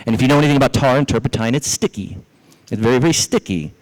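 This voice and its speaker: A male pastor with a Southern US accent preaching a sermon, telling a story in an animated way and speaking directly to the congregation. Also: medium pitch, racing, rough recording.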